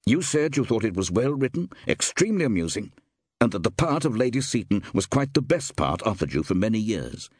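A man reading aloud, voicing a composed gentleman who speaks in a measured, politely probing way. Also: fairly low pitch, big pitch swings, breathy edge, no room sound, studio quality, voice pushed up.

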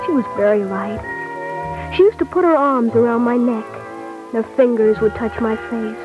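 A woman's voice: a little high, moderate pace, close to an everyday voice. Woman voicing a solemn young boy. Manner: gentle, solemn storytelling. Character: earnest young boy telling his own sorrow. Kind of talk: old radio drama narration. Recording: dull lo-fi old recording with music.

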